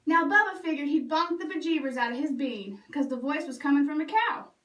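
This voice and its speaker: A woman librarian reading a picture book aloud for children in a lively, expressive way. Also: sits high, brisk, recorded from a distance, slight background noise. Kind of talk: storytime read-aloud. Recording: roomy echo, away from mic.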